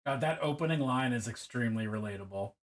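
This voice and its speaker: A man's voice: medium pitch, expressive, fast. A man chatting casually on a livestream while painting miniatures, swearing freely and reacting to viewer comments.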